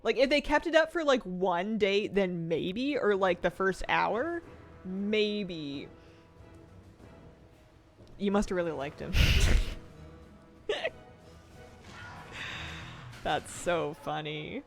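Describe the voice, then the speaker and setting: A woman's voice: medium pitch, expressive, takes it slowly, long pauses, soft background music. A young woman chatting casually on a game stream, reading chat and laughing often between her comments. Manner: chatty, giggly, answers chat.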